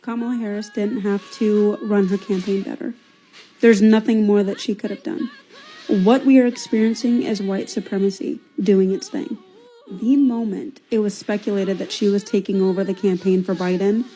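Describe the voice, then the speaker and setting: Mellow-voiced woman, earnest monologue. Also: mid-range voice, fairly even intonation, moderate pace, poor audio. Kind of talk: earnest selfie-video monologue.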